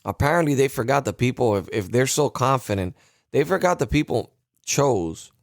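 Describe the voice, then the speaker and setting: A man's voice: medium pitch, lively intonation, normal speed, gravelly, dry recording, studio quality. A man hosting a solo political commentary show, talking heatedly with many fillers and restarts.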